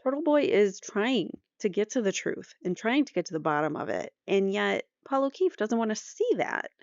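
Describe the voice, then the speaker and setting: A woman's voice: mid-range voice, expressive, moderate pace, no echo, lo-fi sound. A woman hosting a true crime podcast, giving incredulous, dry commentary. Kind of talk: casual commentary.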